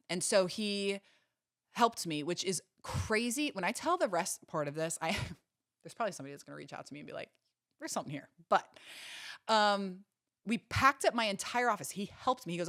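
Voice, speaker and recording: A woman's voice: fairly low pitch, animated, moderate pace, a bit bright, no room sound, studio quality. A woman hosting a podcast, telling a personal story in an earnest, emphatic way and repeating phrases for stress. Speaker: podcast host.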